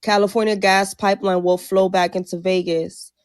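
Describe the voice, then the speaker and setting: A woman hosting a live audio chat room, brash, profane and joking, her voice rough and low from just waking up. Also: level tone, moderate pace, dry recording, clean studio sound. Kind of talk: casual chat.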